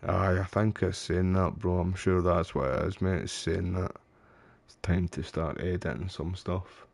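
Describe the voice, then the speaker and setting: A man's voice: sits low, fairly even intonation, measured pace, vocal fry, a little mellow. A Scottish man streaming a game live, chatting away and getting frustrated, calling his viewers mate and bro. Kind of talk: live gameplay commentary.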